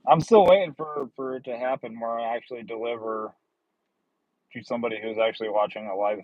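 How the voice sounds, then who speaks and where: A man's voice: medium pitch, a little fast, no echo, highs cut off. A man livestreaming while driving deliveries, chatting casually and making joking, rambling asides from his car. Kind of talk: casual live-stream chat.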